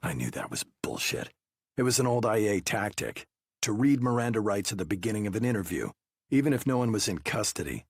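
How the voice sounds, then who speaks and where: Low husky male audiobook narrator. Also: big pitch swings, dry recording, studio quality. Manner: measured, first-person storytelling.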